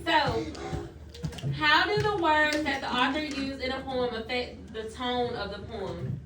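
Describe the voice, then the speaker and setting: A woman teaching a class of children, coaxing answers with questions, recorded from far off in an echoey classroom with loud noise. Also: sits high, measured pace.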